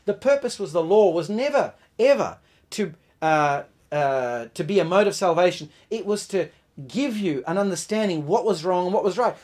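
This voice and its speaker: Emphatic male preacher, fairly high voice. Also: a little mellow. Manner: emphatic, repeats and restarts words, asks the audience questions. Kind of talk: sermon.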